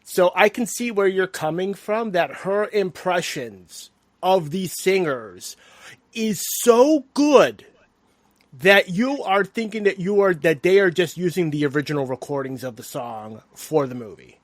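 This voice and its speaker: A man's voice: sits high, lively intonation, unhurried, no room sound. A man co-hosting a casual film podcast, chiming in with wry, explanatory asides. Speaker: podcast co-host.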